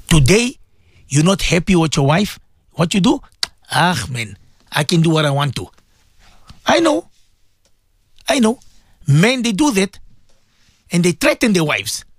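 A man's voice: medium pitch, husky, no room sound, studio quality. A man hosting an Islamic radio show, preaching with passion, asking rhetorical questions and repeating himself for emphasis. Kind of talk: impassioned religious radio talk.

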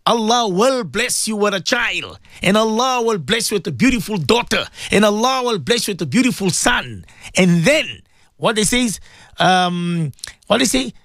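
A man's voice: sits high, expressive, normal speed, a bit bright, no room sound, studio quality. A man hosting an Islamic radio show, preaching with passion, asking rhetorical questions and repeating himself for emphasis. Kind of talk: impassioned religious radio talk.

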